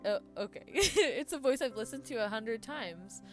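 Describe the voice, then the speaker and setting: Giggly woman reading out a visual novel, bit high voice, music going in the background. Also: animated, normal speed, fairly bright tone. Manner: giggly, reads with playful drama. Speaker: let's play host. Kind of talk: reading game text aloud with banter.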